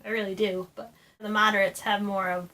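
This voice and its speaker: A woman's voice: medium pitch, flat delivery, fairly quick, bright, forceful tone. A woman co-hosting a casual travel chat, explaining things in detail and laughing often. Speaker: co-host of a theme park travel channel.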